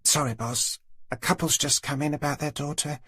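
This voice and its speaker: A man reading a brisk young policewoman. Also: fairly high pitch, fairly even intonation, bright, forceful tone, husky, no room sound, voice pushed up. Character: young female police officer. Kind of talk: audiobook character reading.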